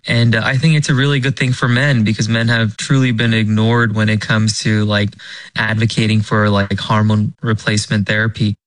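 A man's voice: lowish voice, level tone, moderate pace, dry recording, poor audio. A male urologist answering interview questions conversationally, with some fillers.

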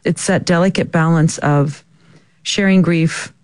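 A woman being interviewed about her work, telling stories in an animated way and laughing often. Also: sits low, measured pace, no echo. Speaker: guest actress. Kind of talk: casual interview chat.

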